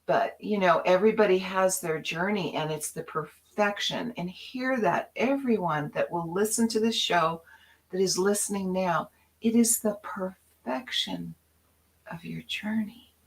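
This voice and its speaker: A woman hosting an inspirational spiritual talk, speaking slowly and with care. She tells stories with animation and acts out her own past reactions in different voices. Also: fairly low pitch, low-quality recording. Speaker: spiritual talk show co-host.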